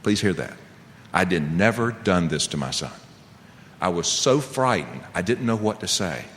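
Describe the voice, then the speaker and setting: Middle-aged man, recovery-meeting speaker, lively swinging delivery, bright, forceful tone, rhetorical questions to the room. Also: sits low, normal speed. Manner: animated storyteller, asks the audience rhetorical questions. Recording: long reverb, faint background noise.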